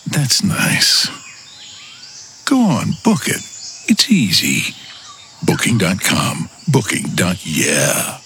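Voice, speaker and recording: A man speaking slowly and soothingly in a relaxed radio advertisement. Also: low-pitched, slight background noise.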